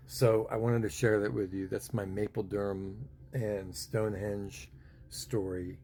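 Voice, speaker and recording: A man in his fifties tells a story in a loose, meandering way. His voice is low and gravelly, with a mellow, dark tone. Faint ambient noise sits behind him. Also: level tone, a little slow. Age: 50s. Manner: rambling, with many fillers and restarts. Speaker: vlogger. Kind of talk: casual storytelling.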